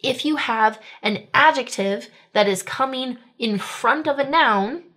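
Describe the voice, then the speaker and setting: A woman teaching a German grammar lesson in casual speech. She explains each step, keeps asking "right?", and says the German sample sentences slowly. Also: sits high, fairly bright tone.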